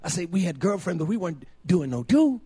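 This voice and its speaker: An older man delivers a sermon in a high-pitched voice. He tells quiet, rambling stories, then rises into loud, emphatic preaching, repeating single words for force. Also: big pitch swings, fairly quick, slightly rough.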